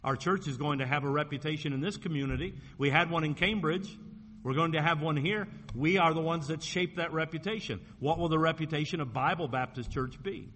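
A male pastor preaching a folksy sermon in a church, slowing down and dropping low when he quotes scripture. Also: a bit bright. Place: church sanctuary. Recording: long hall reverb, faint room noise.

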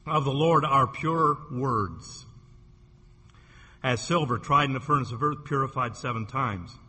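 A man preaching a sermon as pastor, emphatic and slowing down to stress key phrases, losing his voice and coughing at times. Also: mid-range voice, sharp tone, husky, in a large hall. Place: church sanctuary.

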